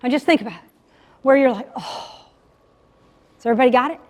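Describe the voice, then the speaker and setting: High-voiced woman coaching a conference crowd. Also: racing. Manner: animated, direct, addresses the audience as y'all. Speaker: sales coach speaking at a breakout session. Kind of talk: live motivational keynote talk. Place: large conference hall. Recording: long hall reverb from a conference room.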